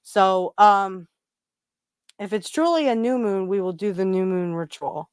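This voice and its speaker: A woman hosts a relaxed podcast in a smooth, clear voice of middling pitch. She rambles, and her talk is full of fillers, restarts and side remarks. The sound is close and dry, with no room behind her. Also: unhurried, dry recording. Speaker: podcast host. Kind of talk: casual spiritual chat.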